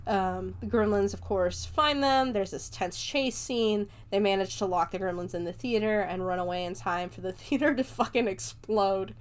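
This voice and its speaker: A woman's voice: medium pitch, normal speed, few pauses. A young woman hosting a podcast, chattily recapping a movie with lots of fillers and casual swearing. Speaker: podcast host.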